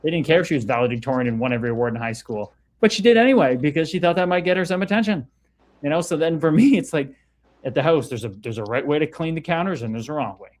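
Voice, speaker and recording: A man's voice: a little high, expressive, fast talker, a little mellow. Casual, candid male livestream host. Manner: candid, swears freely, reads viewer comments aloud. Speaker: livestream host reading chat.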